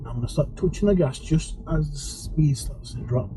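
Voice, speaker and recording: A man's voice: on the high side, moderate pace. Chatty male driving instructor in a car. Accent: mixed English, Birmingham-tinged. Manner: relaxed, chatty, explains each step as he drives. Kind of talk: live driving commentary. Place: inside a moving car. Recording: car engine and road noise.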